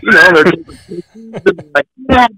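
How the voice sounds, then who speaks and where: A gravelly older man in his sixties swings his voice up and down as he spins profane, animated stories. His tone is bright and a bit high, and the sound is close and dry. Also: moderate pace, dry recording, rough recording. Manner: profane, animated, acts out quotes. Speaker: actor guest. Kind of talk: casual storytelling.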